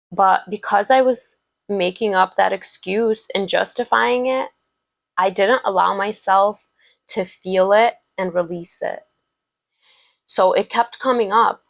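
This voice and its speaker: A woman's voice: medium pitch, creaky, no room sound, muffled recording. A woman giving a casual, rambling tarot love reading, full of filler words and affirmations. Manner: chatty, rambling, many "like" fillers, warm affirming tone. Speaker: tarot reader.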